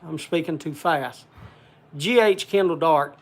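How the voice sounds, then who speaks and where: A man's voice: fairly high pitch, unhurried, slight background noise. A man hosting a casual livestream, rambling as he reads out viewer names with lots of "uh" fillers and chatting to the audience by name. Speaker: livestream host.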